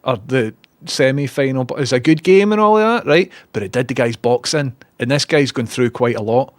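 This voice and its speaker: A man's voice: medium pitch, moderate pace, no room sound. A man chatting casually on his stream, rambling and sweary. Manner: rambling, sweary, self-mocking. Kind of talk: casual chat.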